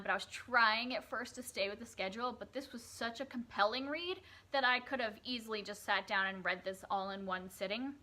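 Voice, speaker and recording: A woman's voice: on the high side, pushed and bright. A young woman chatting casually as she reviews books she read, with lots of fillers and restarts. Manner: chatty, many fillers and self-corrections. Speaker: book reviewer. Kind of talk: casual book review vlog.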